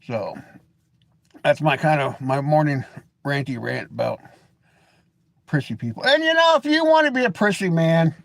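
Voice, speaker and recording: Folksy ranting man, high dry voice. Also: very animated, moderate pace, vocal fry, pauses often, no echo. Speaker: livestream host. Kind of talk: rambling live stream chat.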